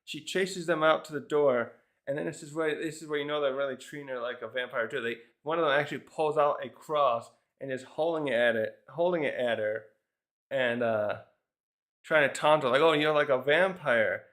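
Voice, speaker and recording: A man's voice: mid-range voice, normal speed, fairly bright tone. A man casually reviewing a comic chapter, rambling through the scenes with lots of fillers and little chuckles. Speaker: manga reviewer.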